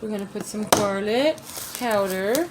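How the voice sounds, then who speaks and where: This cooking vlogger talks a little slowly and animatedly in a mid-range voice, showing viewers a casual recipe in her home kitchen. She calls them "you guys" and names each ingredient again as it goes in, with background noise throughout.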